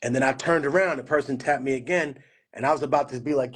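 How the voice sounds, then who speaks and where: Husky man talking loosely over a phone. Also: mid-range voice, quick pace, a bit bright. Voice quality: slurred at times from a bad connection. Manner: loose, profane storytelling. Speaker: livestream host. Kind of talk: casual livestream talk. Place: home studio.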